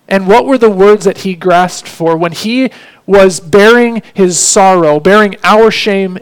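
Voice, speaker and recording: A man's voice: sits high, smooth. A man preaching a sermon in an earnest way, often asking his listeners questions. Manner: earnest, asks rhetorical questions.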